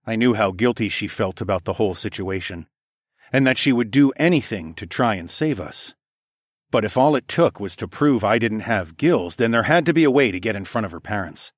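A man reading a first-person audiobook in a steady, even storytelling voice. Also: on the low side, no echo, clean studio sound. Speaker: audiobook narrator.

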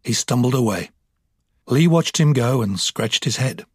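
Male narrator, husky voice, measured reading, dry close sound. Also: medium pitch, no echo. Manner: measured, even storytelling. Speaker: audiobook narrator. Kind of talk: scripted narration.

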